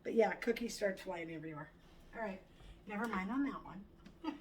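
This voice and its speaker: A middle-aged woman chatting casually in her home kitchen while she cooks, telling a story with animated quoted lines and the odd swear. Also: mid-range voice, normal speed. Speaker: home cooking vlogger. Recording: distant mic, faint room noise.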